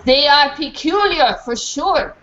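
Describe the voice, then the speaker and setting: A small, round French bulldog talks in a fond French accent, sprinkling French words into his speech, as a woman reads him aloud. His nose is pushed in and his voice sits fairly high. The recording is muffled, with a faint hiss behind it. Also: expressive, slow, a bit bright, exaggerated voice.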